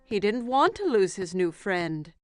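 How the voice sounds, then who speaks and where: Expressive woman narrating a preschool cartoon. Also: mid-range voice, a little slow, faint music behind. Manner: clear, expressive, bright storytelling. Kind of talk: scripted storybook narration for preschoolers.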